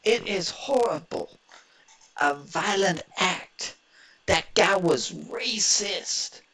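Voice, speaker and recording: A man's voice: high voice, animated, drawn-out words, pushed and bright. A man from Indiana hosting his own political reaction video, talking in an emphatic, rambling and opinionated way. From Indiana, USA. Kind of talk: reaction commentary.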